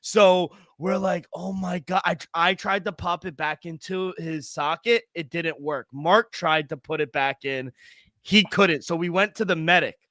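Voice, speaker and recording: A man's voice: on the high side, a little slow, pushed and bright, no room sound. A man co-hosting a sports betting podcast, telling a rambling, profane story in casual chat. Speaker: podcast co-host.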